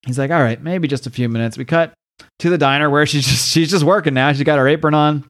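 A man hosting a comics podcast, casually recapping a story and acting out the dialogue in raised, excited voices. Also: fast talker, no room sound, studio quality. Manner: acts out dialogue with high-pitched voices, swears casually. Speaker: podcast host.

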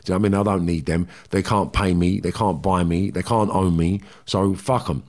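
A low-voiced middle-aged man tells his story in a blunt, slangy way. He swears freely and acts out the back-and-forth as he goes. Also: a little fast. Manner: blunt, heavy swearing, slangy, animated retelling. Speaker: guest telling his life story. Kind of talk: casual storytelling.

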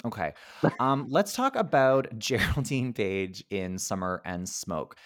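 A man's voice: lowish voice, big pitch swings, takes it slowly, fairly bright tone, no echo, clean studio sound. A man hosting a film podcast, chatting casually with fillers and frequent laughs. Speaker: podcast host. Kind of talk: casual film review chat.

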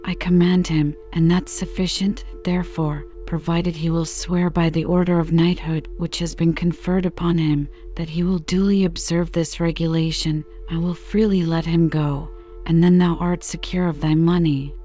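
A woman voicing an indignant old male knight who speaks in grand, archaic phrases, in a soft bedtime reading. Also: fairly low pitch, little pitch movement, normal speed, dull audio, soft background music, lightly acted. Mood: lofty, stern.

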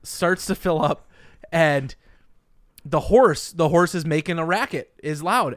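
A man co-hosting a casual chat, telling stories in an animated way and laughing often. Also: a little high, moderate pace, no echo, studio quality. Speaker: podcast co-host. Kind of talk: casual comedic storytelling.

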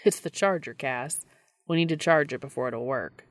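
A woman's voice: very deep voice, moderate pace, no echo, clean studio sound. A woman reading aloud, voicing a plainspoken man who talks in a casual, wisecracking way.

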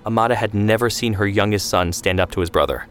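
A man reading a scripted family story in an even, measured way. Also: lowish voice, faint music behind. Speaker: narrator.

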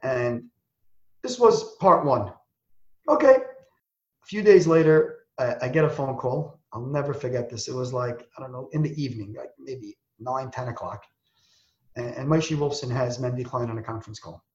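A man telling a personal story as an interview guest, acting out the dialogue in quick, animated bursts. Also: medium pitch. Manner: acts out quoted dialogue, talks in quick bursts. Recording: echoey, dull lo-fi sound.

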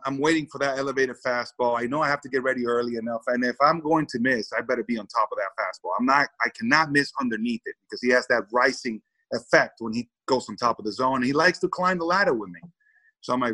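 In a low-quality interview recording, a former baseball player tells a story fast, in a bright, forceful mid-range voice. He repeats words a lot, acts out quotes, and laughs throughout.

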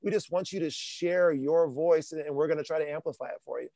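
High-voiced energetic man. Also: a little fast, creaky, no room sound. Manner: energetic, animated, many fillers. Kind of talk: casual interview talk.

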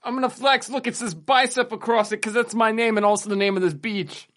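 A player puts on a loud, swaggering beach bully from a tabletop game, strutting and bragging about his muscles. The voice is pushed up a little and slowed for swagger, every line a taunt. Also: medium pitch, fairly even intonation, close to an everyday voice. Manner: boastful, taunting. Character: cocky beach bully, a muscle-bound brute.

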